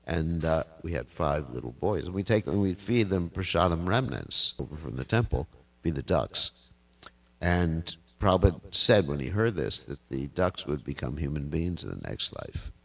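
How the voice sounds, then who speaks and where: A man's voice: a bass voice, lively intonation, moderate pace, creaky, recorded from a distance. An older man telling scripture stories in a folksy way, chuckling often as he speaks. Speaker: class speaker. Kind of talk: storytelling scripture class. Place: temple hall.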